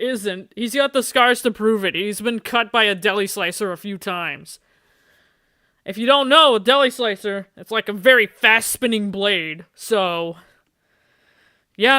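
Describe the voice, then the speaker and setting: A man hosting a game playthrough, reading the game text aloud and joking around in a playful, excitable way. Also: high voice, clean tone, no room sound. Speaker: gaming channel host. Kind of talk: let's play commentary, reading game text.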